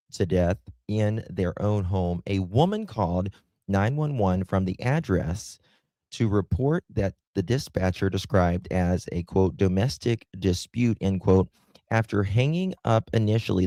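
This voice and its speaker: A man with a low, mellow voice reads a crime news story aloud, stumbling and restarting often and spelling out certain words letter by letter. His delivery is halting and full of fillers as he adds his own remarks. The recording is dry and close, with no room sound. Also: dry recording. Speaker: true crime show host. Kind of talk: reading news aloud with commentary.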